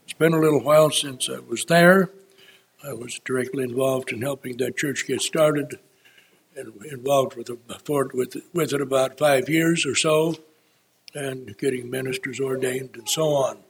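A man in his eighties preaching an unscripted sermon from the pulpit, folksy and rambling, with frequent pauses and filler words. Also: medium pitch, gravelly, breathy edge.

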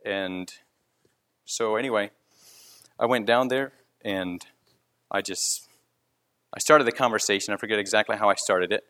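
A man's voice: fairly low pitch, moderate pace, pauses often, pushed and bright. A man who leads a concrete crew tells a story in casual, earnest speech full of restarts. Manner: rambling, with frequent restarts.

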